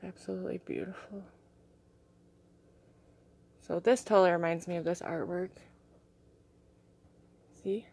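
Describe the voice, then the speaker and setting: A young woman vlogging casually as she shows her crystals and artwork, gushing and soft-spoken and often dropping to a hushed tone. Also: lowish voice, steady tone, measured pace, long pauses. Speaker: vlogger showing crystals and art. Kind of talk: casual show-and-tell vlog.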